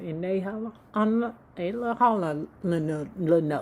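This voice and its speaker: Sassy low-voiced woman dishing gossip. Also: normal speed, hardly any pauses, darkish tone, slight background noise. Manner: sassy, profane, mocking asides. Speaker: YouTube book club host. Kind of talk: casual gossip storytelling.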